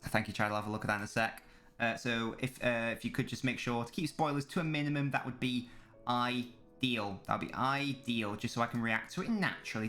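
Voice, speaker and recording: A young man talks loosely with his live chat, swearing and joking between messages. His voice sits at a middling pitch. Faint music and keyboard typing play underneath. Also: brisk, sharp tone. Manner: casual, swears, banters with chat, reads messages aloud. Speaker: streamer. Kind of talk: live football watch-along chat.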